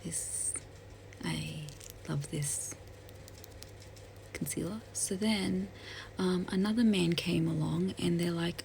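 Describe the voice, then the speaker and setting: A woman telling a story while doing her makeup, soft-spoken and hesitant, with many fillers and restarts. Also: lowish voice, takes it slowly, creaky, pauses often, slight background noise, low-quality recording. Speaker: beauty vlogger. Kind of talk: get-ready-with-me storytelling.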